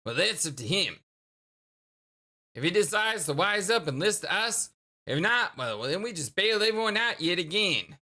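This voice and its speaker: A man voicing an older, cool, ironic teenage boy turned sprite, talking in a laid-back deadpan way with a slightly deeper voice. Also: normal speed, exaggerated voice.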